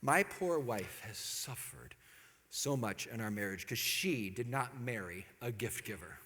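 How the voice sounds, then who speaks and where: A man giving a humorous storytelling talk to an audience, acting out quoted lines with lively jumps in his voice. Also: unhurried. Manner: animated, acts out quotes with big pitch jumps. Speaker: Catholic speaker. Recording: long hall reverb.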